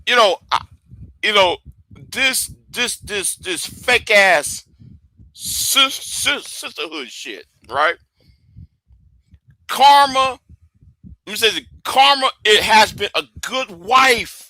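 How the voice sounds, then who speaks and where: A man's voice: high voice, animated, slow pace, pauses often, bright, forceful tone, no room sound, poor audio. A man hosting a casual livestream, talking in a stop-start way and repeating words and catchphrases. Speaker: livestream host.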